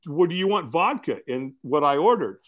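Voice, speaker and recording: A man's voice: on the high side, sing-song, moderate pace, fairly bright tone, lo-fi sound. A middle-aged man, telling his story casually as a podcast guest in an earnest, folksy way. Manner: earnest, folksy, repeats words when starting sentences.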